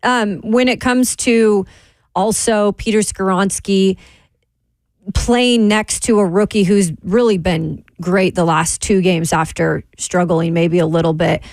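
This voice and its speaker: A woman's voice: medium pitch, fairly even intonation, slow, darkish tone, no echo, clean studio sound. Woman asking hesitant questions on radio. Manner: hesitant, filler-laden questions. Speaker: sports radio co-host. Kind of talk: sports radio discussion.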